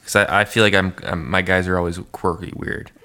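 A man's voice: low voice, a little fast, bright, forceful tone. A man co-hosting a casual comedy podcast, loose and joking, who swears freely. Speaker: podcast co-host.

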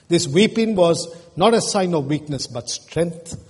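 Earnest pastor preaching in a reverberant church. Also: male voice, fairly high pitch, expressive, unhurried, darkish tone, breathy edge. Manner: earnest, emotional preaching with rhetorical questions to the congregation. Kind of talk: sermon. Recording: long reverb in a church hall.

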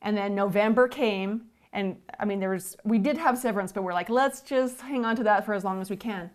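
A woman in her thirties recounts events from her life in a clear, matter-of-fact conversational voice. She moves through the details plainly, as if telling a friend. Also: medium pitch, brisk. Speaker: guest, his wife. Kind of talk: conversational storytelling.

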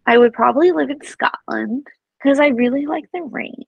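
A woman's voice: high-pitched, moderate pace, gravelly, no echo, dull audio. A woman co-hosting a podcast, chatting casually and daydreaming aloud. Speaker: podcast co-host. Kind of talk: casual chat.

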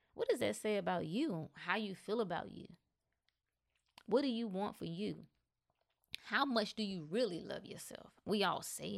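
A woman giving a motivational monologue, preachy and emphatic, rising to loud exhortations. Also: medium pitch, gravelly. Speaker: motivational speaker.

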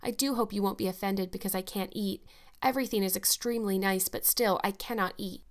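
For an audiobook, a woman voices a dreamy eleven-year-old orphan girl, gushing and dramatic, pitching slightly above her own middle register. Her natural-sounding delivery is fairly quick and fairly even in intonation, with an eager mood.

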